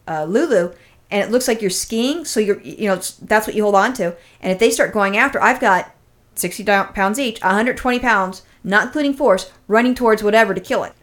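A woman's voice: mid-range voice, fairly quick. A woman co-hosting a podcast, telling a long, rambling story in casual chat, swearing freely and acting out what people said. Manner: rambling, profane, animated storytelling with acted-out quotes. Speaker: podcast co-host.

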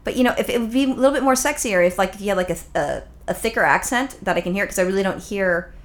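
A woman's voice: medium pitch, quick pace. A woman co-hosting a podcast in casual chat, blunt and profane, full of wisecracks. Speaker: podcast co-host.

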